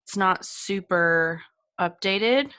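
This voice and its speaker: A woman's voice: mid-range voice, takes it slowly, pushed and bright. A young woman co-hosting a podcast, chatting casually and laughing often as she sets up a story. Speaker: podcast co-host. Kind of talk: casual chat.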